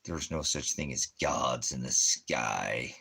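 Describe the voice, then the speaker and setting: Very deep-voiced man in a mocking rant. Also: slow pace, gravelly, sharp tone, breathy edge. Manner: mocking, sarcastic, chuckling between jabs. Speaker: ministry host. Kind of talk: ranting religious commentary.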